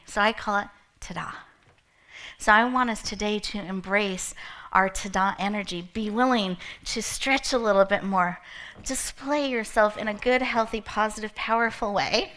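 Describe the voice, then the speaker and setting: A woman's voice: a little high, pushed and bright. A woman giving a playful, inspirational opening talk to a live audience, telling stories and laughing often. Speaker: motivational speaker opening an event.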